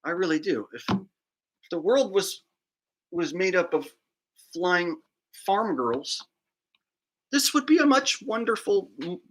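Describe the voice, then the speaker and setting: Man streaming live, casual rambling chat, mocking tone, slow delivery, lively swooping pitch. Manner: mocking, rambling, laughs at own jokes. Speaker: livestream host.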